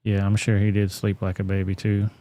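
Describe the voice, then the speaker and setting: A man's voice: fairly low pitch, monotone, a little fast, mellow. A man hosting a live stream and commenting on clips in a blunt, profane, laid-back way.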